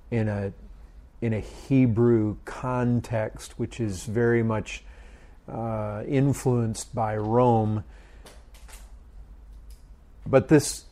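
With a dark-toned voice pitched in the middle range, a middle-aged man runs a group Bible study. He talks slowly and inquiringly, circling back to repeat his phrases.

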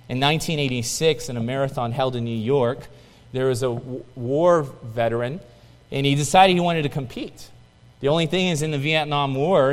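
A man preaching a sermon to a congregation, telling stories with rising excitement and then dropping to a soft, quiet emphasis. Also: medium pitch, long reverb tail.

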